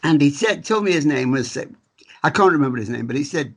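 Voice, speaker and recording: A medium in conversation, a man whose voice sits a bit higher than most men's. He tells his stories in a meandering, chatty way, stumbling over repeated words and breaking into small laughs. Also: animated, fast talker. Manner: rambling, restarts phrases, chuckles while telling stories. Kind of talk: conversational storytelling interview.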